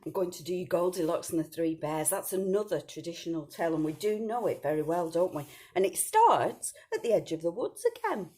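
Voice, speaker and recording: A woman's voice: lowish voice, big pitch swings, fairly quick, hardly any pauses, a little mellow. A woman telling a children's story, sing-song and asking the listeners questions.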